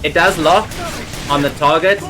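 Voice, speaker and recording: A man's voice: fairly high pitch, normal speed, music in the background. A man giving casual gameplay commentary, rambling and swearing freely, often venting. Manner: swears a lot, flips from calm rambling to angry outbursts. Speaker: gameplay streamer. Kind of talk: casual let's play commentary.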